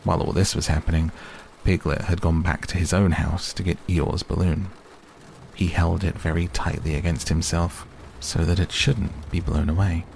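A man reading a children's classic as a calm bedtime audiobook, slow and soothing. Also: deep voice, gravelly, slight background noise. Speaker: narrator.

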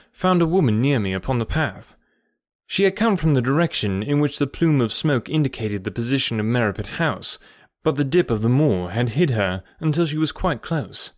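A man reads a classic novel aloud with measured, descriptive storytelling. His voice sits in the middle range for a man. The studio recording is dry and close, with little room sound. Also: mid-range voice, no room sound. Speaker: audiobook narrator. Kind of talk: scripted narration of a classic novel.

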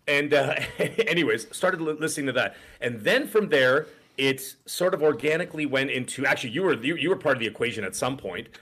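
A man's voice: medium pitch, animated, a little fast, few pauses, a bit bright, husky. A middle-aged man co-hosting a podcast, telling a long story in casual chat, full of fillers and asides. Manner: rambling storyteller with frequent fillers. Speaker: podcast co-host.

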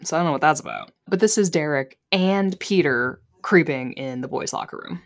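A woman's voice: low-pitched, brisk. A woman co-hosting a podcast, recapping a TV episode in casual chat with wry, joking asides. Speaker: podcast co-host.

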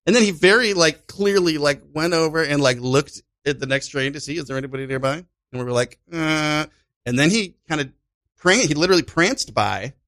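A man's voice: a little high, a little fast, fairly bright tone. A man from Chicago, a podcast guest, telling a story in casual chat and acting out voices and sounds as he goes.

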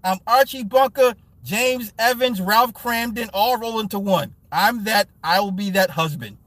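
A man in his forties hosting a casual live stream, chatting with viewers in a blunt, profane and animated way, often laughing. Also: sits high, moderate pace, no room sound. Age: 40s. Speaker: live-stream host and movie reviewer.

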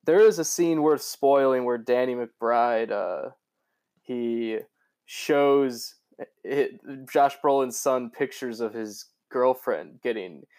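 A man's voice: mid-range voice, slow, darkish tone. Rambling young man, podcast co-host. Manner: rambling, many fillers and restarts, laughs often. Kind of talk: casual chat.

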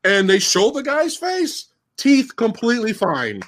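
A man hosting a live-stream movie discussion who rants in an excitable, incredulous, profane way. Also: extremely high pitch, unhurried. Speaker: host.

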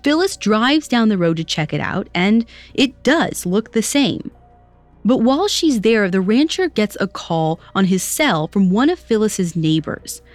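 Lively woman narrating with wry asides. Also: mid-range voice, unhurried, faint music behind. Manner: conversational, lightly wry asides. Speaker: podcast host. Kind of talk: scripted storytelling narration.

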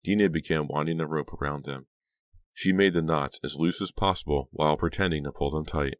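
A man narrating an audiobook in a steady, measured way. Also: extremely low pitch, no room sound. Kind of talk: scripted narration.

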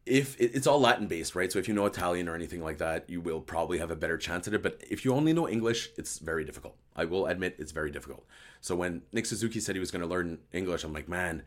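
A tired, hoarse male host with a slight French-Canadian accent, chatting casually and rambling as he answers a live chat. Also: low-pitched. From Quebec, Canada. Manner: rambling, self-deprecating, switches between English and French.

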